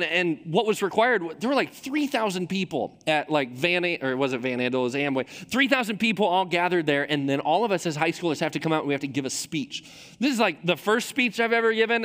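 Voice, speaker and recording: A man's voice: high voice, fast, fairly bright tone. A man from Michigan preaching a sermon as pastor, telling a story with self-deprecating humor. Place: large church auditorium. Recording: long reverb of a church hall.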